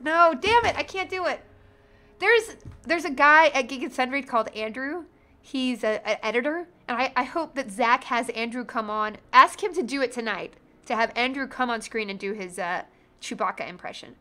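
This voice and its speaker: Woman streamer, bright high voice, bubbly jokey live game chatter. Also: expressive, normal speed. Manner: bubbly, joking, irreverent. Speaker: streamer playing a role-playing game. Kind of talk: casual livestream commentary, reading chat.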